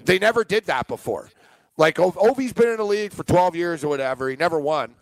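A man's voice: on the high side, quick pace, creaky, dry recording, rough recording. Opinionated man chatting sports on a podcast. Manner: animated, opinionated, laughs often. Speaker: sports betting podcast co-host. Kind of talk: casual sports betting chat.

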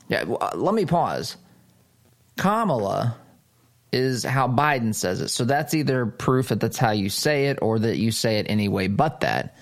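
A man hosting a conservative talk radio show, talking in a chatty, rambling, argumentative way with frequent chuckles. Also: fairly low pitch.

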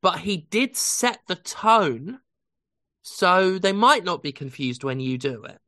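Gravelly man in deadpan mock therapy. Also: high-pitched, slow pace, no room sound, clean studio sound. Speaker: comedy podcast co-host. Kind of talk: improvised comedy chat.

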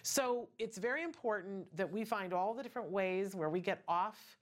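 A woman's voice: mid-range voice, normal speed. A middle-aged woman hosting a casual talk show, chatty and emphatic with many asides and rhetorical questions. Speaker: podcast host.

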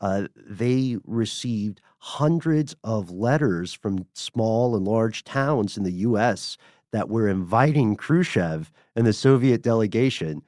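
A lower-pitched man who lays out history stories in an unhurried, explanatory way. He chuckles often, and his voice sits close and dry on the mic. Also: lively intonation, darkish tone, dry recording. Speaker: podcast co-host. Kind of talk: casual history chat.

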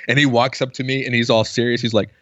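A man's voice: mid-range voice, fast, dry recording, muffled recording. A man telling stories about his career in a casual interview, acting out the voices of people he quotes. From New York. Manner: animated storyteller, acts out quoted voices. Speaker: podcast guest.

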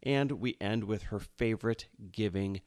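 A man in his thirties hosting a podcast and interviewing his wife, upbeat and energetic. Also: lowish voice, a little slow, clear, resonant tone. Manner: energetic, hyped intro. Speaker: podcast host.

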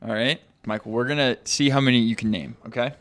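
A man's voice: mid-range voice, steady tone, quick pace, a bit bright, no echo. A man hosting a casual podcast chat, talking hesitantly with many restarts. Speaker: podcast host.

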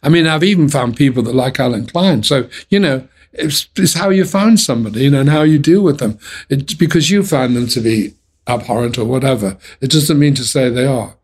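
A man's voice: mid-range voice, fairly quick, darkish tone, husky. An older man, a former music manager, telling chatty anecdotes in an interview, with frequent restarts. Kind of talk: storytelling in an interview.

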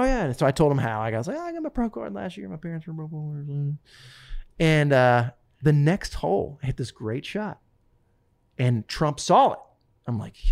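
Animated man telling a story. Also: fairly high pitch. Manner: animated, quotes others in lively put-on voices. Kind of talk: casual storytelling.

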